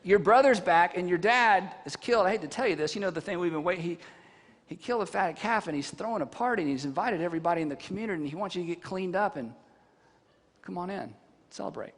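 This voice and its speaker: Man, sermon, high-pitched, animated storyteller, rhetorical questions, long hall reverb. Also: fast. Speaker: pastor.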